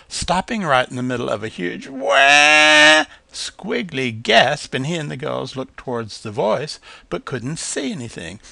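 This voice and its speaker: A man reading a children's story aloud in an expressive, measured way. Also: fairly high pitch, creaky, dry recording.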